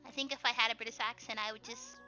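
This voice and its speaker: Squeaky, bright-voiced young woman streamer. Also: steady tone, racing. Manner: bubbly, chatty, laughs often. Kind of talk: casual chat while drawing on stream. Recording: dull lo-fi stream audio with faint music.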